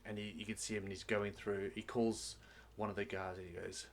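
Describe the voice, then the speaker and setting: A man with a fairly low voice narrates as the game master of a streamed tabletop game. He tells the story loosely, restarting sentences often. A faint hum sits behind him. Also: little pitch movement, a little fast, hardly any pauses.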